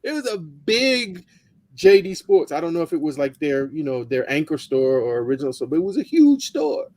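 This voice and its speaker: A man co-hosting a podcast, chatting casually in a relaxed, rambling way with many fillers. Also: on the high side, normal speed. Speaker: podcast co-host. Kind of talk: casual chat.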